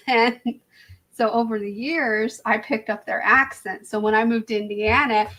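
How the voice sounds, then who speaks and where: A woman's voice: a little high, unhurried, fairly bright tone, low-quality recording. A young woman with a slight Southern accent chatting casually on a live stream, rambling, laughing often and trailing off mid-sentence. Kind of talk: casual chat.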